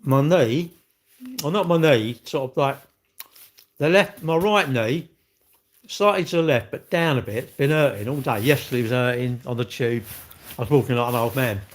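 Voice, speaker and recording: A man's voice: mid-range voice, normal speed. A man, chatting casually on a livestream from home, rambling and greeting viewers by name as he goes. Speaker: livestream host. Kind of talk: casual live-stream chat.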